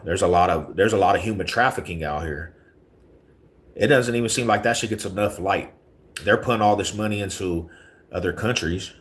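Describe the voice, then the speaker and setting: A man hosting a casual live stream, reading viewer comments in a laid-back, slangy way that turns into heated rants. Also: deep voice. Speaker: livestream host.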